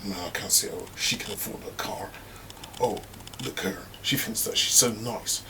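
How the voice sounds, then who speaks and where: A man voicing a nosy, fake-sweet woman who gossips at the office, in a high sugary falsetto. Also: moderate pace, background noise, lightly acted. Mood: whispered bitching. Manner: high sugary falsetto, drops to a whisper when bitching.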